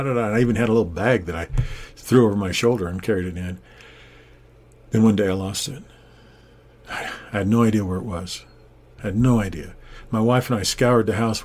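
A husky, somewhat low-voiced older man tells a personal faith testimony from a home studio. He speaks earnestly and with animation, slipping into the voices of the people in his story. His desktop studio microphone picks him up close and clean. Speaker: Christian minister. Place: home studio with green screen. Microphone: desktop USB studio microphone.

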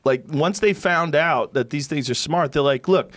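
A man in his fifties hosting a podcast, telling stories in casual chat, animated and profane. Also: a little high, normal speed, dry recording. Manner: animated, profane, laughing storyteller. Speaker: podcast host.

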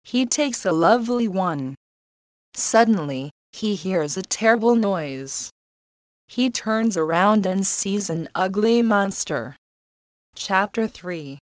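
Slow, measured woman narrator. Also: medium pitch, lively intonation, no room sound. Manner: clear, measured reading. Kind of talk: slow storybook narration for learners.

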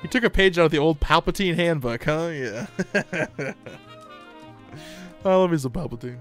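A man's voice: a little high, moderate pace, faint music behind. An American man streaming live, chatting casually and playfully with his chat, reading comments aloud and laughing often.

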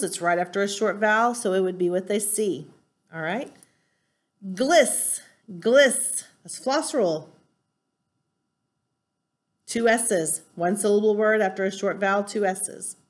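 A woman teacher with a medium-pitched voice gives a recorded spelling lesson. She patiently walks through the rules step by step and spells words out letter by letter.

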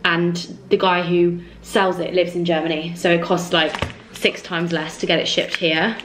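A woman of twenty from England chatting casually to camera in her bedroom, gushing and excitable, full of "literally" and "like". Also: on the low side, moderate pace, slight background noise. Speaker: vlogger. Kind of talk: casual vlog chat. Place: small bedroom indoors with fairy lights.

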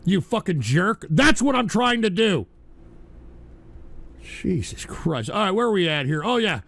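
A man hosts a live stream show in a high, gravelly voice that swings widely in pitch. He rants and swears in exasperation at his chat, flustered as he loses his place. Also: sing-song, unhurried, fairly bright tone. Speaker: livestream radio show host. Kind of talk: profane live stream rant.

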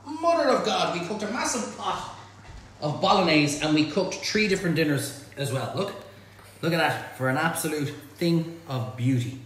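High-voiced, chatty Irish man cooking live. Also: moderate pace. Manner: chatty and excitable, full of exclamations. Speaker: chef host. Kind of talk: live cook-along stream. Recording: very echoey room, faint noise.

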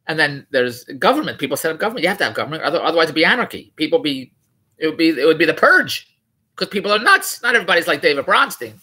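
Husky-voiced rambling man, very lively pitch. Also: racing. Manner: rambling, digressive, self-correcting; incredulous, mocking. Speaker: vlogger. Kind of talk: rambling comic commentary on a news article.

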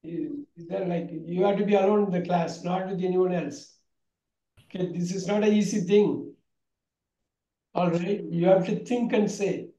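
A man's voice: sits high, fairly even intonation, moderate pace, mellow, roomy sound, rough recording. A man teaching an online vocabulary lesson, repeating words and quizzing his students. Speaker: English teacher.

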